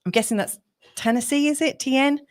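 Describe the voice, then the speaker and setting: A woman's voice: sits high, a little fast. A woman hosting a live-streamed astrology reading, chatty and rambling with lots of fillers, sympathetic and encouraging toward her viewers.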